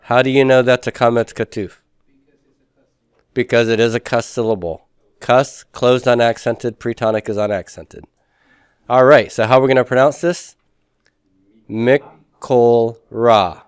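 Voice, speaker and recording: Smooth-voiced male teacher reviewing a lesson. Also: mid-range voice, fairly even intonation, normal speed, no echo. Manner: patient, asks questions then answers them himself. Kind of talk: recorded class review lesson.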